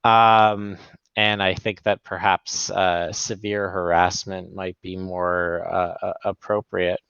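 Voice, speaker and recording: A man co-hosting a gaming podcast, speaking hesitantly and in a measured way, often stopping and restarting. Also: low voice, level tone, gravelly, a bit bright, clear, resonant tone, no echo, dull audio. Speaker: podcast co-host. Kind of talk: casual podcast chat.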